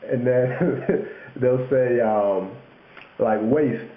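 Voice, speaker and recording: A man's voice: medium pitch, very slow. A young man casually explaining slang on his video blog, joking and laughing as he goes. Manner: jokey, laughing, puts on mock London voices for examples. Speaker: YouTuber. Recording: echoey room, tinny lo-fi webcam audio.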